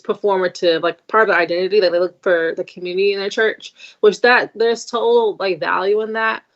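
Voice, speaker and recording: A woman's voice: on the low side, fairly bright tone. A young woman speaking thoughtfully in a casual chat, with many fillers like "like" and "um". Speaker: podcast guest. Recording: muffled remote audio.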